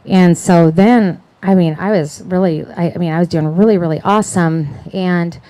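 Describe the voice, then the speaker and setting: A middle-aged woman giving a personal testimony at an indoor gathering, telling her story with lively acted-out quotes and laughter. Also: fairly low pitch, normal speed, no room sound. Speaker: conference speaker. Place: indoor event hall.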